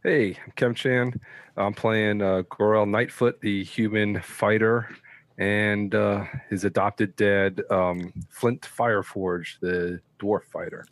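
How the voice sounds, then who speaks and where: A man introduces his characters for an online tabletop game, hesitating with uhs. He talks slowly in a low voice. The sound is dry and close. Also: steady tone, dry recording. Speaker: player. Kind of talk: casual chat on a game stream.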